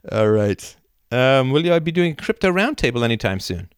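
A middle-aged man hosting a live video chat, reading viewer comments aloud and riffing with animated laughter. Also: medium pitch, slow, clear, resonant tone, no echo, clean studio sound. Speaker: livestream host answering chat. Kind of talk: casual live-stream chat. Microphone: camera and mic on a live video chat.

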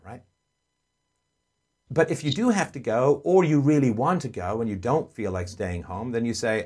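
A man's voice: mid-range voice, animated, normal speed. Earnest man hosting a call-in show. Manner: earnest, acts out gentle parent dialogue. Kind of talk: advice call-in talk.

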